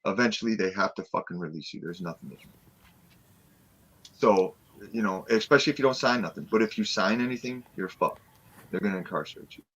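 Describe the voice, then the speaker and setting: Bright-voiced profane ranting man. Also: on the low side, quick pace. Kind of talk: casual late-night chat. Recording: dull lo-fi sound.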